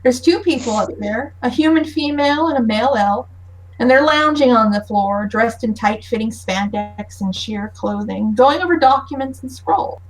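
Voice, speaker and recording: A woman narrating as game master in a tabletop game over voice chat, lively, with frequent fillers and laughs. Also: fairly high pitch, moderate pace, rough recording.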